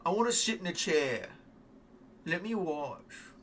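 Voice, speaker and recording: A man's voice: fairly high pitch, very animated, unhurried, fairly bright tone, a little hiss or hum, voice pushed up, full character voice. A man doing a whiny mocking fighter voice.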